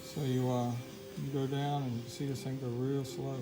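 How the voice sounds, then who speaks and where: A man showing off his homemade workshop build in a casual, folksy, excitable way, chatting to his dog as he films on a handheld camera. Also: medium pitch, moderate pace, loud music behind the voice, poor audio. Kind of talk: casual workshop demo vlog. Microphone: handheld camera mic.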